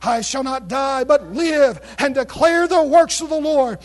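A man preaching a sermon, reading scripture aloud and calling out to his congregation with shouted exclamations, while losing his voice. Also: extremely high pitch, lively intonation, slow pace. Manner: reads scripture in King James wording.

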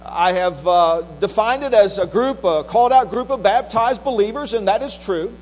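A high-voiced male pastor is heard on poor-quality audio with faint mains hum. He reads scripture in a measured, solemn manner, then preaches plainly with a few restarts.

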